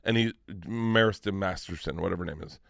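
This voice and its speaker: A man in his forties telling stories on a podcast, animated and profane, laughing as he talks. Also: low voice, fairly quick, creaky, no echo, studio quality. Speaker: guest storyteller. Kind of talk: casual podcast storytelling.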